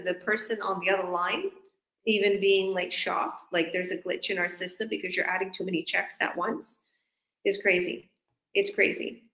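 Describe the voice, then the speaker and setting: A woman's voice: medium pitch, a bit bright. Effusive woman coach in an echoey room. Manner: effusive, repetitive, religious exclamations, laughs often. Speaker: business coach and company head. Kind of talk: enthusiastic testimonial in an online business chat. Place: room in Barcelona.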